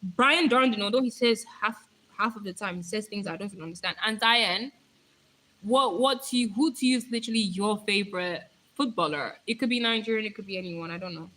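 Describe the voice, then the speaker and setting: A young woman chatting casually on her live stream, rambling playfully and answering viewer comments, her voice going hoarse. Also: mid-range voice, fairly quick, a bit bright, poor audio.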